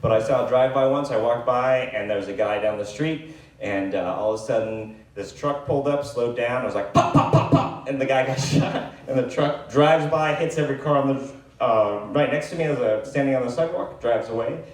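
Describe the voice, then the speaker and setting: Man telling stand-up stories in an echoey club. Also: mid-range voice. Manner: self-deprecating, rambling with fillers and quick asides. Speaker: stand-up comedian. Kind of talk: live stand-up storytelling. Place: comedy club stage. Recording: echoey room, distant mic, faint hiss.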